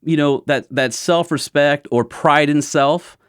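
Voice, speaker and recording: A man hosting a podcast, telling a story in an animated way and acting out the other person's lines. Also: fairly high pitch, measured pace, smooth, no room sound, clean studio sound. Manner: animated storyteller who acts out quotes. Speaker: podcast host. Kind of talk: casual conversation.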